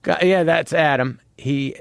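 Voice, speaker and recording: A man's voice: on the high side, unhurried, creaky, dry recording, clean studio sound. A middle-aged man in casual podcast chat, a laughing, swearing storyteller. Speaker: guest.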